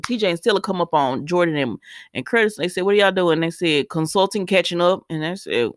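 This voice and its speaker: A woman talks through a soap episode in a chatty, emotional way and calls her viewers "y'all." Her voice sits a little low. She is recorded close up with no room sound. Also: animated, fast, dry recording. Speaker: soap opera recap host. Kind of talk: casual spoken recap.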